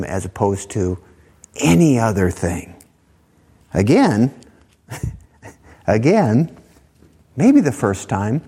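A man delivers a sermon in a slow, measured way, his pitch swinging widely as he climbs to emphatic highs. He acts out the voices he quotes. His voice rings with the long reverb of a large hall. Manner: animated, rising to emphatic highs on key points. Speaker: pastor.

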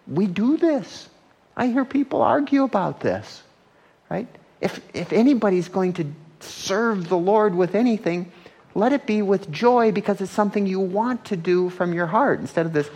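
A man's voice: a little slow, creaky, slightly rough. Conversational male pastor preaching. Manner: conversational, often asks "right?" and rises in pitch when animated. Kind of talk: sermon.

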